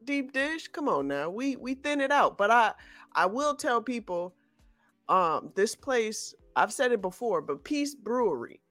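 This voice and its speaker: A woman from the Chicago area co-hosts a casual podcast, talking in an animated, slangy, emphatic way. Her pitch swings widely as she tells stories. The recording is dry and close, with faint music beneath. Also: measured pace, no room sound. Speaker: podcast co-host.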